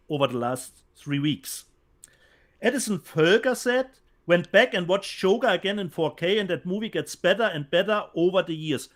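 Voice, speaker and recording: A man's voice: high voice, a bit bright. A man with a German accent co-hosting a casual show, reading viewer comments aloud and often repeating words as he searches for them. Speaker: co-host. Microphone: remote call from home.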